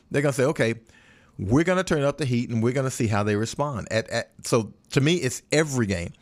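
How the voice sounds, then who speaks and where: A man giving casual sports chat as a radio color analyst, folksy and animated with playful turns of phrase. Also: medium pitch.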